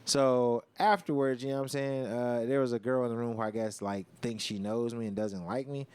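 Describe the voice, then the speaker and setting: A man's voice: mid-range voice, steady tone, brisk, darkish tone, clean tone, no room sound. A man who is a stand-up comedian and podcast host, telling a story in casual, profane, slang-heavy chat.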